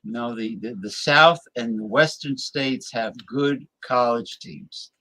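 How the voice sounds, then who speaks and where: A man's voice: medium pitch, slow pace, sharp tone. A man talking casually from his home desktop, rambling with many restarts. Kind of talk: casual chat. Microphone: desktop computer mic.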